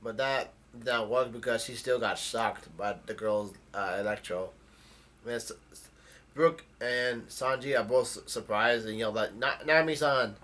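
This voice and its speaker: A man casually summarizing the plot of a comic chapter, with halting speech full of ums, uhs and restarts. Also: on the low side, steady tone, a bit bright. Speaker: manga chapter recapper.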